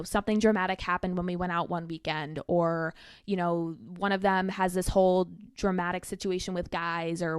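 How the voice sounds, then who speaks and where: Young female podcast host, casual and chatty, lowish smooth voice, dry close mic. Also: no room sound. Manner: chatty, many fillers like "like".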